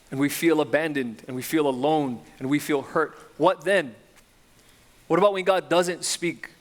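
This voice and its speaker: High-voiced man preaching a sermon. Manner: swings from loud, slow, emphatic climaxes to quiet, low reflection. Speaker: pastor.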